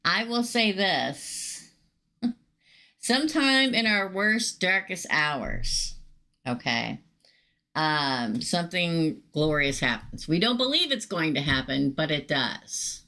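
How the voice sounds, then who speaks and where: A woman's voice: sits low, animated, slow pace, sharp tone. Chatty, emphatic woman tarot reader. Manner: chatty, emphatic, talks straight to viewers. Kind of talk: live-stream tarot readings.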